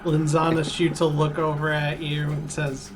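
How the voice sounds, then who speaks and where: A man running a tabletop game as game master, in a measured way. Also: on the high side, completely flat delivery, over music.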